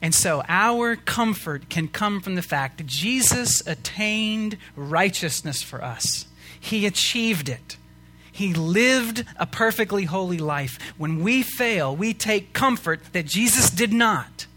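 A man's voice: high-pitched, lively intonation, slow pace, pushed and bright, faint music behind. A man preaching a sermon as pastor, earnest and rising to emphatic questions to the congregation.

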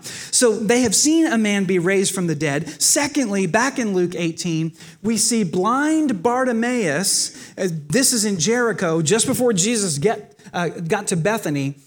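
A pastor preaching a sermon, telling the stories vividly and speaking directly to his congregation. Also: high-pitched. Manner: animated, expressive storytelling with acted quotes.

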